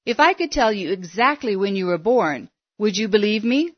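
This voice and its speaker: A woman's voice: mid-range voice, lively intonation, normal speed, no echo, lightly acted. Storybook reading: woman voicing an insistent middle-aged female astrologer, coaxing, on a dry, dull recording.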